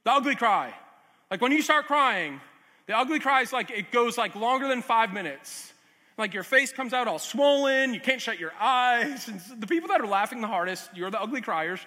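Man, pastor, sermon, very high voice, conversational asides, long hall reverb. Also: animated, normal speed, pushed and bright. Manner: earnest, conversational preaching with asides and restarts.

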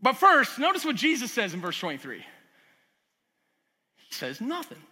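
A man preaching a sermon as pastor, swinging from loud urgent emphasis to quiet lowered asides. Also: huge pitch swings, normal speed, breathy edge. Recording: long hall reverb.

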